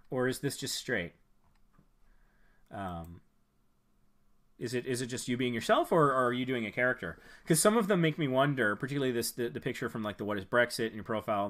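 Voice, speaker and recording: Speaking at medium pitch, a male host casually reviews his viewers' channels live. His delivery wanders, full of fillers and false starts, as he reasons aloud and gives warm advice.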